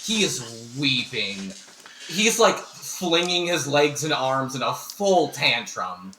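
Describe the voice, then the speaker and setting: Bright-voiced man running a tabletop game. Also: mid-range voice, very animated, takes it slowly, a little hiss or hum. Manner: hesitant, with frequent ums. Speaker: game master. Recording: echoey room.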